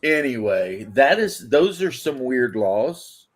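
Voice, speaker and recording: A man's voice: medium pitch, big pitch swings, slow pace. A man hosting a casual podcast chat, rambling and laughing as he talks. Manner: rambling, laughs often, loose fillers. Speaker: podcast host.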